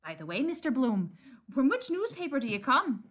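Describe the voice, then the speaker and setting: A woman's voice: high voice, very animated, moderate pace, fairly bright tone, full character voice. A woman voicing a menacing male company president who speaks with formal, cold courtesy. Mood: coldly polite.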